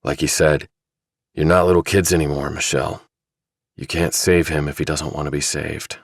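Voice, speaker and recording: A calm, probing investigator, read by a deep-voiced man. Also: normal speed, creaky, breathy edge, no echo, clean studio sound, exaggerated voice. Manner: level, pressing questions. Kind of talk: audiobook dramatization.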